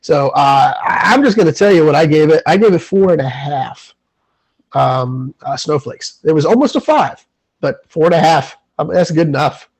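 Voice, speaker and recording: Male podcast co-host, slightly high voice, rambling and enthusiastic. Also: animated, normal speed, slightly rough, low-quality recording. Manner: rambling, filler-heavy, enthusiastic. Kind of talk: casual movie review chat.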